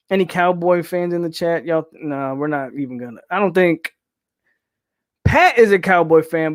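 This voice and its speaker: A man with a Southern US accent hosts a live sports podcast, riffing on the chat's questions. His voice sits high and the sound is dry and close. He talks loosely, trails off, restarts and gives blunt opinions. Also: dry recording. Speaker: podcast host reading chat questions. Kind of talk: casual live-stream chat.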